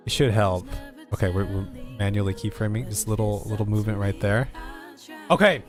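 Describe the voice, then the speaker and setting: A man streaming as he edits a video, thinking aloud, repeating himself and laughing often. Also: mid-range voice. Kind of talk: casual live commentary.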